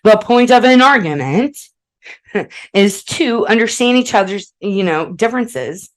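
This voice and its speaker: A woman's voice: medium pitch, animated, a little slow, poor audio. A woman hosting a relationship advice podcast, mixing read passages with blunt, profane asides and frequent "okay?" check-ins. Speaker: podcast host.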